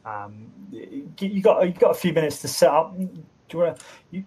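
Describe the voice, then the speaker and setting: A man narrating a tabletop game as game master, halting with many restarts. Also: a little high, very animated, dark tone, breathy edge.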